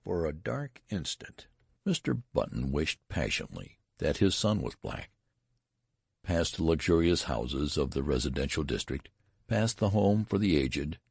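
A man narrating a literary story in an expressive, theatrical reading. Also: very deep voice, a little slow, vocal fry, slightly rough, no echo, clean studio sound. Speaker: audiobook narrator.

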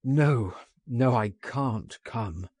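A man reading an audiobook, voicing a frightened, despairing man on bail who pleads in a higher pitch. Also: very slow, a little mellow, husky, dry recording. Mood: resigned.

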